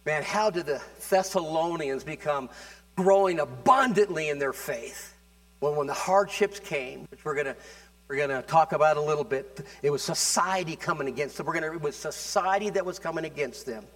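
A man preaching a sermon, talking casually with restarts and building to fervent, louder passages. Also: on the high side, normal speed. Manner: conversational, with repeated words and restarts. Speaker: pastor.

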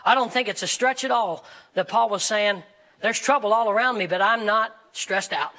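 A male pastor preaching a sermon in a church, animated, shouting and laughing as he reads scripture to the congregation. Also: sits high, normal speed, low-quality recording. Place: church sanctuary.

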